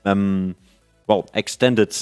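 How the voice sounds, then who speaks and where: A man's voice: lowish voice, steady tone, extremely slow, darkish tone, clear, resonant tone, faint music behind. A man hosting an esports broadcast, explaining standings in a chatty way with frequent fillers. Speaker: esports caster. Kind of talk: esports match commentary.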